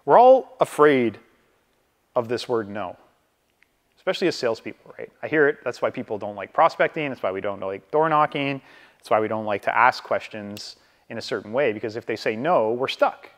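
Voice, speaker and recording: A man's voice: medium pitch, fairly quick. Man teaching in an echoey hall. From Canada. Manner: lively, acts out dialogue, keeps checking with "right?". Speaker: real estate trainer. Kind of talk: casual training talk to a room. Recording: reverberant hall from a distance.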